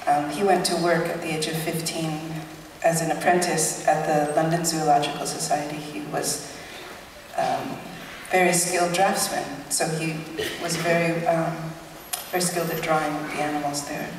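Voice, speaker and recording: A woman's voice: deep voice, flat delivery, moderate pace. A woman talking on stage to a concert audience, hesitant with many fillers and wry self-mocking asides. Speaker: singer on stage. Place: large concert hall. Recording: distant, echoey concert hall recording with audience noise.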